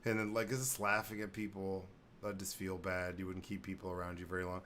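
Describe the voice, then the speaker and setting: Man, podcast host, casual chat, joking, animated, bright tone. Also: low voice, brisk, slight background noise. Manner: animated, joking, slips into silly put-on voices.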